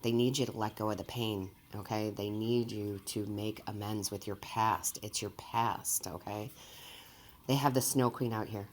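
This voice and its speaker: A woman's voice: very deep voice, fairly even intonation, normal speed, a little mellow, a little hiss or hum. A woman working as a medium, giving an earnest, emotional tarot reading to her viewers and often checking in with them. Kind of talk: direct-to-camera tarot reading.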